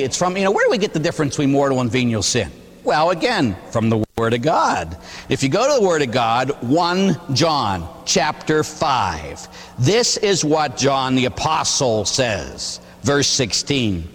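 Animated male priest preaching in a reverberant church. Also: fairly high pitch, normal speed. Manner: animated, conversational preaching with rhetorical questions and humor. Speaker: Catholic priest. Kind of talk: sermon.

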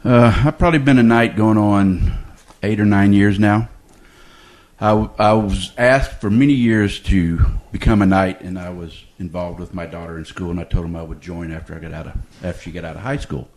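A man's voice: low-pitched, fairly even intonation, moderate pace, a little mellow. A man, a parish volunteer speaking plainly as a radio interview guest.

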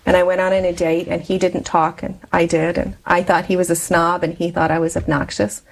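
A woman's voice: on the low side, level tone, fairly quick, vocal fry, poor audio. A woman in her forties, a guest in an interview, telling a personal story in a chatty way and laughing often between phrases.

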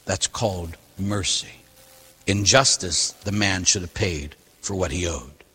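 A man delivers a Catholic sermon with a bright, slightly husky voice, swinging between loud emphatic lines and hushed, slowed phrases. His lively pitch carries a long, ringing church reverb. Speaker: Catholic priest. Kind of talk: sermon with scripture reading.

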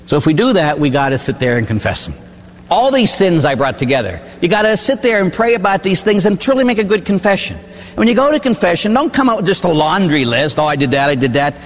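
A man's voice: high voice, very animated, a little fast, long reverb tail. An older man from Pittsburgh, a priest preaching a sermon in a folksy storytelling way, asking "huh?" and acting out voices. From Pittsburgh, USA. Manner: folksy storytelling, tag questions, acts out voices.

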